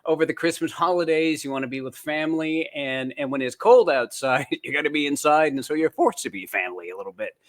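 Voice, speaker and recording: A man, a guest author chatting casually in an interview and telling animated, rambling stories. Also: a little high, fast talker, hardly any pauses. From born in Canada, raised in the United States. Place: home in New Zealand.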